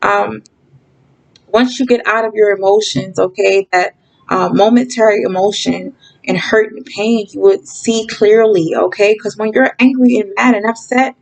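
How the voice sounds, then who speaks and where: A spiritual reader who hosts her own channel gives her viewers blunt, tough-love advice in a relaxed monologue, her voice slightly high and the audio poor. She keeps checking in with "okay?" and "you guys," speeds up when excited, and acts out the voices she quotes.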